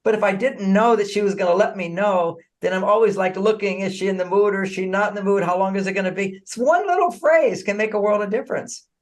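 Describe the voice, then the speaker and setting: A man speaking as an author guest in a podcast interview. He is animated, chuckles often and repeats words as he restarts his sentences. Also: sits high, quick pace, hardly any pauses. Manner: animated, acts out dialogue, frequent chuckles.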